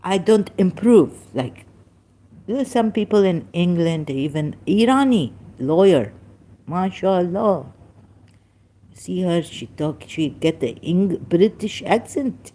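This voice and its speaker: Low, mellow woman with a Persian accent. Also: animated. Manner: broken English, halting, self-interrupting. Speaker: live-stream host. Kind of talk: rambling religious commentary live stream.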